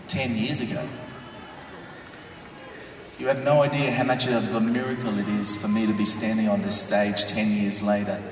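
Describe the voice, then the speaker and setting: A man giving an emotional testimony from a stage, telling his story in hushed tones and sudden shouts. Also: fairly low pitch, a little hiss or hum. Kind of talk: dramatic testimony to an audience. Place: stage in a large venue. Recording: echoey hall from far off.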